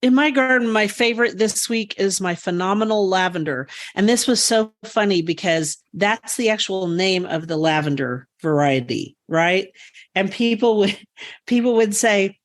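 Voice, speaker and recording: A woman's voice: medium pitch, normal speed. Woman, podcast co-host, enthusiastic and rambling, mid-range voice. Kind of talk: casual chat.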